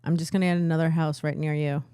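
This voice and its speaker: A woman from New York talking in a deadpan way with dark humor as a comedian guest in a casual chat. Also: low voice, fast talker, smooth, no echo, studio quality. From the Bronx, New York.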